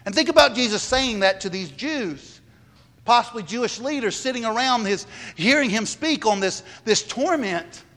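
A man's voice: extremely high pitch, animated, normal speed, fairly bright tone, long reverb tail. A man preaching a sermon, emphatic and repeating his phrases for weight.

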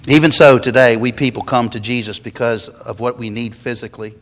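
A man's voice: medium pitch, fairly even intonation, fairly quick, fairly bright tone. A man, a pastor preaching a sermon earnestly and repeating words as he stresses each point. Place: church sanctuary. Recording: long hall reverb.

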